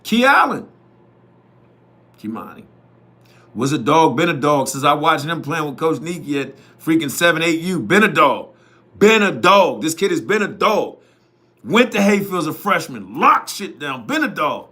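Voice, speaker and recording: Emphatic high-voiced man ranting. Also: very animated, unhurried, long pauses, bright, forceful tone. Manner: emphatic, repetitive, blunt and profane. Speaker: youth football media host. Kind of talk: opinionated monologue to viewers.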